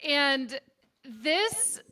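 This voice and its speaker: A woman's voice: high-pitched, very animated, very slow, pushed and bright. A woman from Wisconsin with a Midwestern accent, co-hosting a casual chat podcast with her sister, blunt and joking. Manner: blunt, joking, swears freely. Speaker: podcast co-host.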